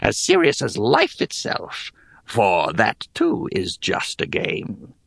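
A man's voice: lowish voice, huge pitch swings, slow pace, creaky, a bit bright, breathy edge, no room sound, clean studio sound, full character voice. A man voicing an ancient bald hag who gambles on everything, talking in a lazy, sly drawl.

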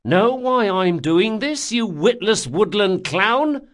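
A man voicing a sharp-tongued male thief who threatens and mocks in a raised, forceful voice. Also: sits high, animated, slow pace, voice pushed up. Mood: sardonic. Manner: snarling, sarcastic, swearing.

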